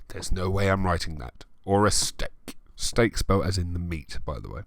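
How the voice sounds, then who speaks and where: A man with a lowish voice reads a story aloud, his pitch swinging widely as he goes. He keeps breaking off into dry, sarcastic, swearing remarks. The sound is close and dry, with no room around it. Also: expressive, normal speed, few pauses, dry recording. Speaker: YouTube reader. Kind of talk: comedic dramatic reading with commentary.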